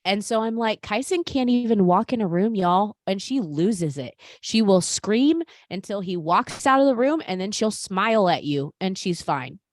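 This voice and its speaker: A woman hosting a podcast in casual chat, animated and talking straight to her listeners. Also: medium pitch, moderate pace, hardly any pauses, no echo, clean studio sound. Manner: animated, talks to listeners as "you guys". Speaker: podcast host.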